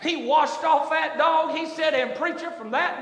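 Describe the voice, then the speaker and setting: A man preaching a sermon, telling a folksy story that builds into shouted preaching. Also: very high voice, a little slow, very noisy. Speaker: pastor. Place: church sanctuary. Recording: echoey hall with long reverb.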